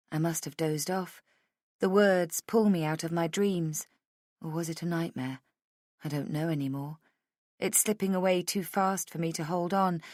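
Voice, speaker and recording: A woman with a low voice reads a first-person thriller audiobook. Her reading is measured and intimate, and the recording is close and dry with no room sound. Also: darkish tone, no echo. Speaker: audiobook narrator.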